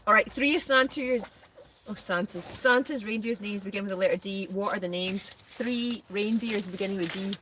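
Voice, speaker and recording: A woman's voice: medium pitch, normal speed, bright, forceful tone, slight background noise. A woman chatting casually in a smoky tent on a live stream, reading out comments and laughing often. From Scotland. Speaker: guest, host's sister.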